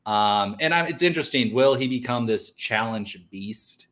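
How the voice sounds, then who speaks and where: A man's voice: medium pitch, animated, fairly bright tone. Rambling man co-host in casual chat. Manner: rambling, halting, many fillers. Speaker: podcast co-host.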